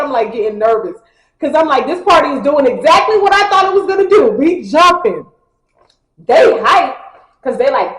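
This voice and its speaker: A young woman tells a personal story casually, slangy and animated, acting out her friends' lines. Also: sits high. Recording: echoey room.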